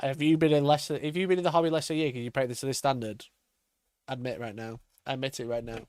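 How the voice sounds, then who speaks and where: A male streamer reacts live for his chat, loud and mocking, swearing freely and laughing in bursts. His voice sits a bit high. The mic is close and dry, with no room sound. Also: dry recording.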